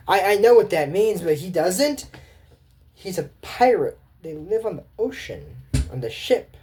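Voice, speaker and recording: A woman's voice: lowish voice, expressive, unhurried, dark tone, breathy edge. A woman giving rambling, digressive casual reaction commentary, often breaking off to move on to the next point. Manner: rambling, digressive, keeps saying "moving on".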